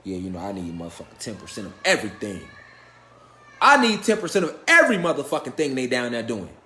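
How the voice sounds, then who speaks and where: A man's voice: medium pitch, wildly swooping pitch, fast, sharp tone, roomy sound, a little hiss or hum. Man putting on a greedy god, crude, grasping, demanding his tithe, plain voice.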